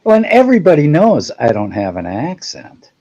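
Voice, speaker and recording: A man's voice: a little high, wildly swooping pitch, normal speed, dark tone, lo-fi sound. A man hosting a casual livestream chat, joking and greeting viewers by name. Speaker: livestream host.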